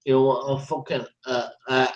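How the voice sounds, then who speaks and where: A man's voice: mid-range voice, level tone, normal speed, highs cut off. A man ranting and taunting someone in a voice chat, swearing constantly and heckling. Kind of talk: profane taunting rant. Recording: noisy recording.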